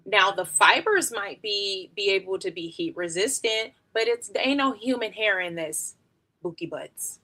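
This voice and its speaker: Chatty bright-voiced woman livestreamer. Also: medium pitch, expressive, moderate pace. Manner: rambling, chatty, slangy, laughs often. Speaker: beauty livestreamer. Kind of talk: casual live-stream chat during a wig tutorial.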